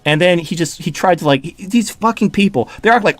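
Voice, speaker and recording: A man hosting a talk podcast, ranting with heat and constant swearing. His voice sits a little high and sounds dry and close to the mic, and he mocks the people he talks about. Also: lively intonation, brisk, hardly any pauses, a bit bright, dry recording. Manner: heated, swearing, mocking. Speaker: podcast host. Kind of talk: profane ranting chat.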